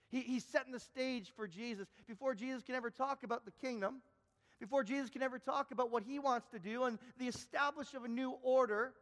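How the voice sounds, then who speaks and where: A man's voice: high voice, a bit bright, big-room sound. A man preaching a sermon, earnest and repeating words as he builds each point.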